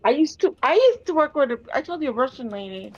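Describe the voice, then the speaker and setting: A woman's voice: high-pitched, sing-song, fast, highs cut off. A woman co-hosting a livestream, chatting casually in a playful, teasing way. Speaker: co-host of a livestream. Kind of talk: casual chat on a stream.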